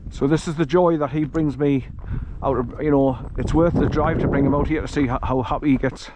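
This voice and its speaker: This man's voice sits on the high side, steady in tone and brisk, and the audio is very noisy. He's a vlogger giving casual walk-and-talk narration while walking his dog along a countryside track, rambling and laughing a lot, filmed on a handheld action camera outdoors.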